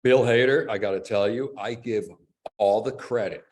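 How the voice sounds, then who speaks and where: A man in his fifties, an action actor guest, telling stories in a lively way, acting out sound effects and often laughing as he talks. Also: on the low side, normal speed. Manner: animated storyteller acting out quotes and sound effects. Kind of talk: casual storytelling interview.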